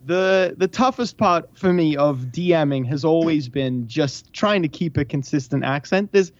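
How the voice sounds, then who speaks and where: A man's voice: a little high, expressive, measured pace, highs cut off. A man with an Australian accent, chatting casually and joking as a dungeon master guest. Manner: joking, self-deprecating about his accents. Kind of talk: casual chat.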